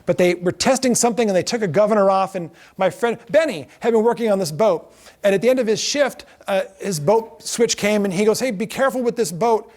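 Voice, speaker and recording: A middle-aged man giving a lecture to a class, telling lively anecdotes and acting out the quotes. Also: sits high, fairly quick. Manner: animated storyteller acting out quotes.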